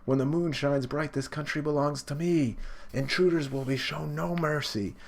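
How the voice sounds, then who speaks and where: A man's voice: on the high side, moderate pace, gravelly, voice pushed up. A man voicing a raised, proud giant cat lord. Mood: proclaiming. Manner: proclaiming, declamatory. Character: huge boastful male cat warrior, fierce ruler.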